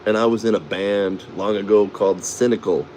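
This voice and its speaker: A middle-aged man from Chicago chats casually, swearing freely and breaking into laughs. His voice sits low. A faint hum of air conditioning runs behind him in the car. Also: steady tone, fairly quick, a little mellow. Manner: profane, laughs often, does voices. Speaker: vlogger. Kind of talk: casual rambling chat.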